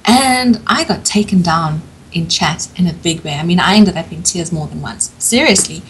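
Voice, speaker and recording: A woman's voice: fairly low pitch, expressive, moderate pace, slight background noise, rough recording. A woman co-hosting a podcast, chatting candidly and openly in a casual way. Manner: chatty, candid, frequent laughter.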